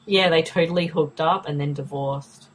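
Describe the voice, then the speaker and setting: A woman co-host with a deep, low-pitched voice talks loosely and eagerly. She laughs often and fills her sentences with "like" and "you know," the way friends talk on a casual podcast. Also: fairly even intonation, normal speed, slightly rough, rough recording. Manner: chatty, laughs often, many fillers. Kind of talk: casual chat.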